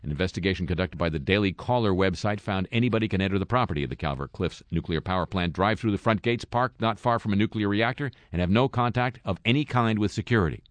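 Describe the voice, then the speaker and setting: A man's voice: fairly low pitch, fast talker, hardly any pauses, no echo. A man hosting a satirical news segment, reading stories and tossing in wry, sarcastic asides. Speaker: comedy news host.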